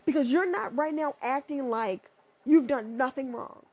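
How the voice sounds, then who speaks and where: A woman ranting in a blunt, profane and sarcastic monologue, leaping up and down in pitch. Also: moderate pace. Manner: animated, with sudden pitch jumps.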